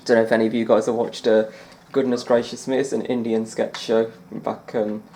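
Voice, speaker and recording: Male gaming host, low voice, casual rambling commentary. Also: level tone, a little fast, darkish tone, reverberant, slight background noise. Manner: rambling, chatty, self-amused, lots of fillers.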